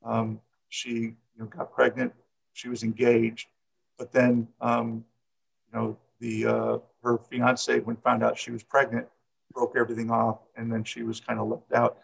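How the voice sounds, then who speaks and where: Gravelly, husky middle-aged man. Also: medium pitch, completely flat delivery, a little slow, rough recording. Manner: rambling, repeats words, many fillers. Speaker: coach. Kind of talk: personal storytelling in an interview.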